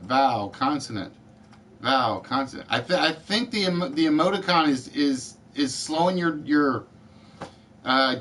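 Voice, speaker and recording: Male game show host for a live stream; a somewhat high voice, unhurried delivery, spells out letters one by one. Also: bright, forceful tone. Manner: deliberate, spells out letters and addresses players by name.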